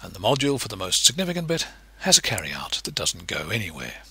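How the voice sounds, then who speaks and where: Male lecturer, husky bright voice, patient and explanatory, animated pitch. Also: fast talker, dry recording. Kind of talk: recorded lecture narration.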